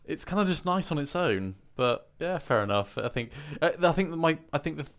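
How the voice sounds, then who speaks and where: A young man, a podcast guest who laughs a lot and talks in halting bursts. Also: on the high side, animated, fairly bright tone. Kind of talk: casual chat.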